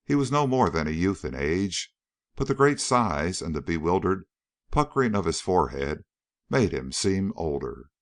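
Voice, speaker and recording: Deep-voiced male audiobook narrator. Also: very animated, normal speed. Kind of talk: scripted narration.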